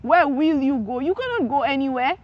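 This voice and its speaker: A woman quoting God as a calm, still small voice, softer and a little lower than her own telling. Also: brisk, muffled recording.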